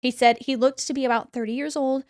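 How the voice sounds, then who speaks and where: Slightly high-voiced woman telling a story. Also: fast, dry recording, clean studio sound. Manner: animated retelling, acts out quotes. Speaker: podcast host. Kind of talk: casual storytelling podcast.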